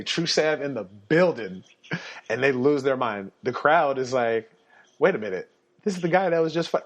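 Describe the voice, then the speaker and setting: A young man telling personal stories in a loose, casual way. He is animated, laughs often and acts out the people he quotes. His mid-range voice comes through dull, lo-fi podcast audio. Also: mid-range voice. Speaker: podcast guest storyteller. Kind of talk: casual storytelling.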